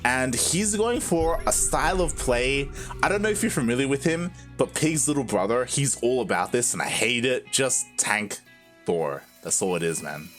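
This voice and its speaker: A man's voice: mid-range voice, animated, normal speed, fairly bright tone, faint music behind. A man casting a live esports match, chatty and rambling, laughing often. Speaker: esports caster. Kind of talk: live game commentary.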